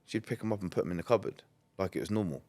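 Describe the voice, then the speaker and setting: Deep-voiced man telling stories. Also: very fast, darkish tone. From England. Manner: rambling, many "like" and "um" fillers, blunt and swearing. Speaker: podcast guest. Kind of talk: candid conversational storytelling.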